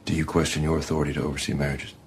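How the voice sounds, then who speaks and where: A man's voice: extremely low pitch, flat delivery, racing, a little hiss or hum. An actor playing a defiant young husband who insists on keeping his wife, in a firm, insistent TV drama scene. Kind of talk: TV drama acting.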